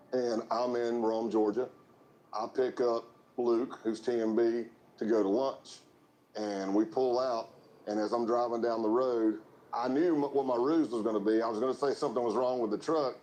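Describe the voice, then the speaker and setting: A man's voice: medium pitch, low-quality recording. Guy telling a wild undercover story, plays out the voices, bit of noise behind. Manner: animated storyteller, acts out dialogue. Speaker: former undercover informant. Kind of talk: recounting events in an interview.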